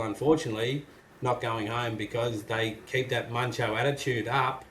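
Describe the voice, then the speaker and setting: A middle-aged Australian man, a carpenter and business owner, talking frankly and casually as an interview guest. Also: medium pitch. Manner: blokey, frank, acts out what people say in a gruff voice. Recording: echoey room with faint noise.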